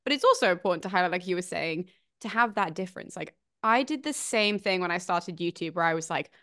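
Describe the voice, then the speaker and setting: A woman's voice: fairly low pitch, animated, quick pace, a bit bright. Eager woman podcast host. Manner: eager, agreeing and laughing along. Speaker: podcast host and history YouTuber. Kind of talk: casual interview chat.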